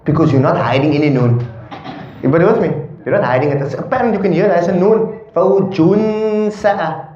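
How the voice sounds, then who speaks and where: A man's voice: a little high, animated, very fast, darkish tone. Man teaching recitation in an echoey room. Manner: checks in with the class over and over. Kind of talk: classroom tajweed lesson. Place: classroom. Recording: dull echoey classroom recording.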